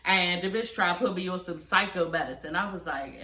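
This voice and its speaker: Woman, 40s, casual commentary, crisp bright tone, candid and profane, echoey room. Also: fairly low pitch, steady tone, fast talker, few pauses. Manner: candid, profane, storytelling with many asides. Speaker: reality show commentator.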